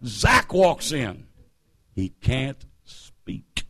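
A man's voice: mid-range voice, big pitch swings, drawn-out words, creaky, a bit bright. A man preaching and retelling a story playfully, calling on the congregation to repeat after him. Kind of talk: sermon storytelling.

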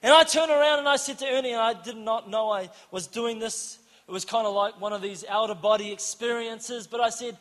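A man preaching a sermon, telling a story and acting out the dialogue, shouting at the high points. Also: fairly quick, few pauses, in a large hall. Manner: animated, acts out dialogue, shouts for emphasis.

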